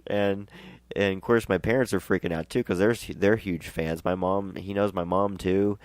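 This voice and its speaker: A male show host telling a rambling, excited story in a casual way, laughing and restarting as he goes. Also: deep voice, clear, resonant tone, no echo.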